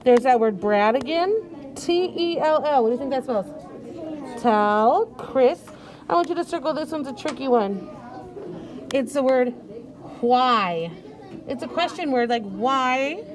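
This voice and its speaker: Woman teacher, high and unhurried, sing-song coaching of young readers, children heard behind. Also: animated, a crowd in the background. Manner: patient, sing-song coaching, sounding out words slowly. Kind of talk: early reading lesson.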